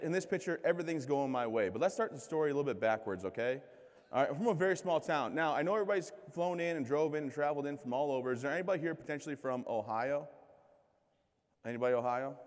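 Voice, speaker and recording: A man in his thirties from Michigan, giving a comic, self-mocking keynote speech with lively crowd banter. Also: medium pitch. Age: 30s. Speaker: keynote speaker. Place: large conference hall. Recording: long hall reverb.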